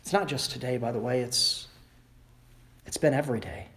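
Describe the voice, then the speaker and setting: A male pastor preaching a sermon emphatically, rising sharply in pitch and volume at his high points and mimicking other people sarcastically. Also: moderate pace. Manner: emphatic preaching with wide swings in pitch and loudness; mocking voices of the world in sarcastic asides.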